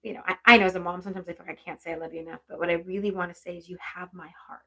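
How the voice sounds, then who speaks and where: A middle-aged woman working as a medium on a live stream, chatting warmly with many fillers and restarts. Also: on the low side, steady tone, racing, gravelly. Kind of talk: live-stream reading and chat.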